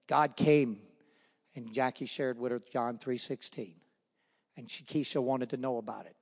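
A man's voice: mid-range voice, normal speed. A man telling a testimony story at a men's breakfast, acting out the dialogue with bursts of emphasis. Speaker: guest speaker at a men's breakfast. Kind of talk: testimony speech. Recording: long reverb of a hall.

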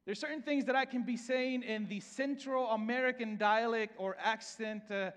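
A man's voice: extremely high pitch, moderate pace, a bit bright, big-room sound. A man with a Salvadoran Spanish accent, a native Spanish speaker preaching a sermon in a conversational way, often repeating words and starting over. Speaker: pastor.

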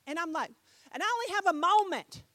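A middle-aged woman preaching a sermon, telling a story with animated swings between loud and soft and putting questions to her listeners. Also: extremely high pitch, fairly quick, no echo. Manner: talks with the audience, asks them questions.

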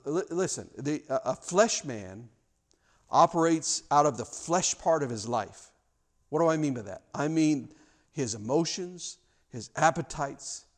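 A man preaching a sermon in a church, speaking earnestly with frequent stammered restarts. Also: mid-range voice. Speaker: pastor.

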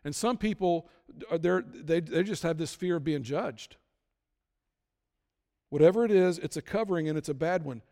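A man preaching a sermon as pastor, building from calm teaching to loud, emphatic peaks. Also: fairly high pitch, normal speed, long pauses, long reverb tail.

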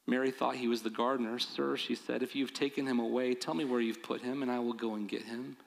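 A man's voice: medium pitch, fairly even intonation, fast, vocal fry, long reverb tail, low-quality recording. A male pastor preaching a sermon, earnest and building to emphatic, repeated appeals.

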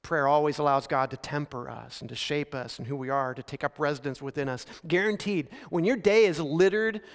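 A male pastor preaching a sermon in a relaxed, storytelling way, slowing down to stress key phrases. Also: a little high. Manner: conversational storytelling preaching with frequent slowdowns for emphasis. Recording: long reverb of a large hall.

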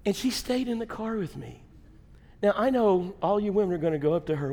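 High-voiced preacher in a reverberant hall. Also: male voice, fairly quick. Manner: animated storyteller who acts out his wife's yelling. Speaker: pastor. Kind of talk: sermon with a comic story. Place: church sanctuary.

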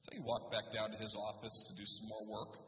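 A male pastor telling a humorous story in a sermon, animated and lively. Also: on the low side, a little fast, a little hiss or hum. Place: church sanctuary. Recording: roomy church hall, voice from a distance.

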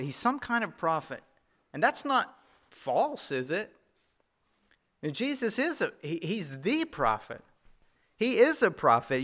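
A man's voice: high-pitched, bright, forceful tone. A male pastor with a Southern US accent preaching a sermon in a conversational way, asking his listeners questions as he goes.

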